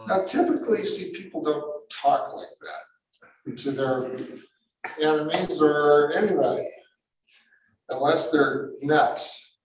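A man preaching through a Bible passage, animated and full of rhetorical questions, often correcting himself mid-sentence. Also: on the high side, slow pace, long pauses. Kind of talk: expository Bible teaching. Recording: echoey room, mic at a distance.

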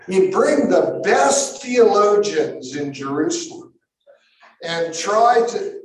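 Slow emphatic preacher in an echoey hall. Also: male voice, on the high side. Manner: emphatic, rising to sudden shouts, musing asides. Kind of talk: sermon. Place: large room with a live audience. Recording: echoey hall, mic far off.

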